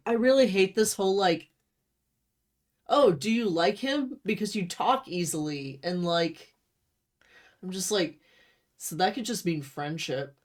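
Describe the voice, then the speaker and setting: A woman's voice: fairly low pitch, lively intonation, measured pace, long pauses. A young woman co-hosting a book chat, chiming in with exasperated, mocking remarks. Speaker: co-host. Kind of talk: casual chat.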